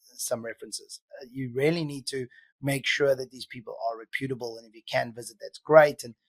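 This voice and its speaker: A man's voice: medium pitch, fairly even intonation, fairly quick, no echo. A man hosting a podcast, chatting casually and asking probing questions with frequent fillers. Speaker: podcast host. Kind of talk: casual interview chat.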